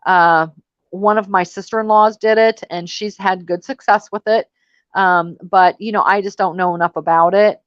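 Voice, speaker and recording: A chatty woman hosts a casual online talk and tells stories with exasperated emphasis. Her voice sits at a middle pitch and sounds slightly muffled and lo-fi. The room is dry, with no echo. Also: fairly even intonation, normal speed. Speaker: host. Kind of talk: casual panel chat.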